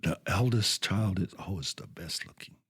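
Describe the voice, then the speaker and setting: A man's voice: deep voice, normal speed, no room sound, clean studio sound. A man voicing a big, ugly old female toad mother who is possessive and scheming, read aloud as part of a storybook on radio. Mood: matter-of-fact. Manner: gruff and coarse when wailing.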